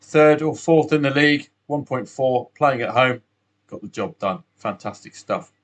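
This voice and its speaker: A man's voice: medium pitch, moderate pace. A man hosting a solo betting podcast, chatty and upbeat, with asides to the listener.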